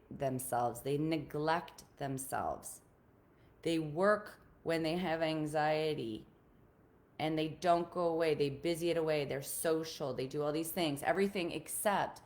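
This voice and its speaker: A woman's voice: deep voice, darkish tone. A woman relationship coach talking casually on a live stream to her group, earnest and encouraging, often repeating her key points.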